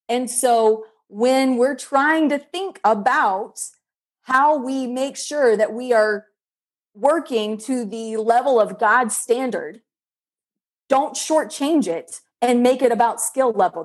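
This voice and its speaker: Woman, fairly high voice, emphatic, preacher-like cadence, faith podcast guest. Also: darkish tone. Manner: emphatic, preacher-like delivery in quick bursts. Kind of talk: faith-based leadership conversation.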